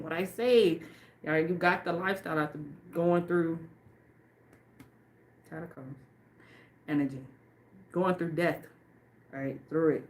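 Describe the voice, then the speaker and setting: A woman doing a livestream card reading off camera, speaking emphatically and with a lot of swearing, and reading the card text aloud slowly. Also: sits low. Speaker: tarot and oracle card reader. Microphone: off camera, face not shown.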